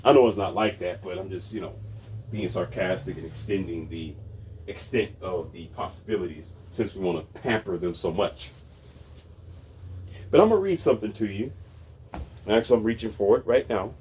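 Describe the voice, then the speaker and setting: A man's voice: sits low, moderate pace, long pauses, darkish tone, slight background noise. A man hosting a commentary channel, ranting about society in a sarcastic, emphatic way and repeating his points.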